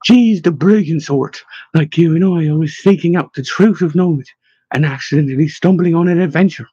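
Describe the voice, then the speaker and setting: Give me a man playing a cheerful riddling bard, somewhat high and husky. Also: fairly quick, dark tone, dry recording, muffled recording. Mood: genial.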